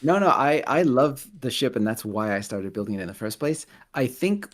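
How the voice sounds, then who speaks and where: A man's voice: mid-range voice, big pitch swings, moderate pace. A man chatting as an interview guest over a video call, rambling, correcting himself and laughing often. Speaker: guest, Lego builder. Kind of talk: casual interview chat.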